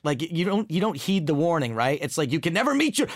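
A man's voice: fairly high pitch, very animated, fast talker, no room sound, studio quality. An American man co-hosting a casual podcast, telling crude, self-mocking anecdotes with lots of animation. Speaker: podcast co-host.

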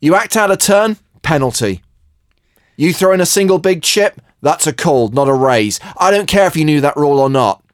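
A man co-hosting a podcast, running through event details with dry, deadpan humor. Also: on the high side, normal speed, dry recording. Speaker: podcast co-host. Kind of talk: casual chat.

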